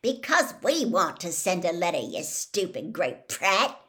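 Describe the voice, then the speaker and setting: A woman voicing a cheeky, joking teenage boy twin in a storybook reading, teasing and loud. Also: on the low side, sing-song, unhurried.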